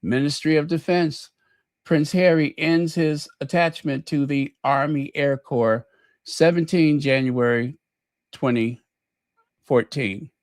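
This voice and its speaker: A man's voice: a little high, fairly even intonation, slow pace, dry recording, clean studio sound. A man hosting his own podcast, talking in a folksy, chatty way and telling stories. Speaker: podcast host. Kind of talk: casual commentary.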